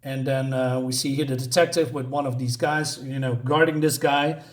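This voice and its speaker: A man's voice: medium pitch, steady tone, normal speed. A man casually talking through a comic book issue, hesitant and full of ums and uhs, often correcting himself.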